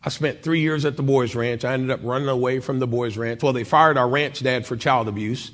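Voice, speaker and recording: A man from Oklahoma telling a personal story as a guest speaker in a church chapel, with dramatic swings in loudness and pitch. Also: steady tone, fairly quick. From Oklahoma, USA.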